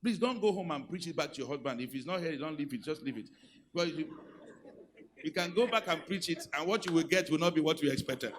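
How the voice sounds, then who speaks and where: A middle-aged Nigerian man preaching a sermon, moving from quiet asides to loud, rousing exhortation. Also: a little high, a little hiss or hum. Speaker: pastor. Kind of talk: sermon on marriage and leadership.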